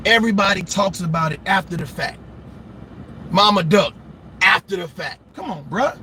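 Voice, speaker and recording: A man's voice: high voice, lively intonation, normal speed, pushed and bright, slight background noise. A man hosting a reaction channel, delivering an impassioned, profane, preachy rant. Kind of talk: ranting commentary.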